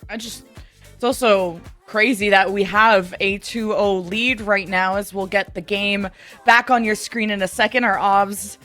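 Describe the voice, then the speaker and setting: A woman's voice: medium pitch, fairly even intonation, unhurried, fairly bright tone, soft background music. A woman giving color commentary on a live esports match, breaking down plays analytically and laughing easily. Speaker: esports caster.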